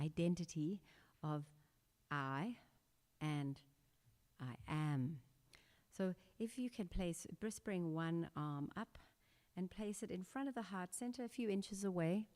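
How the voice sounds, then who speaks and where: A woman leads a guided breathwork meditation in a soft, gentle voice, pitched a little low and paced very slowly. Her calm instructions ring out with a long reverb from a large church hall. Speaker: meditation leader. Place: church sanctuary.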